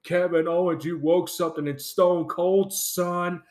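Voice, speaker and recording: A man doing a gruff impression of a tough, defiant male wrestler. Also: high voice, steady tone, measured pace, a little mellow, echoey room.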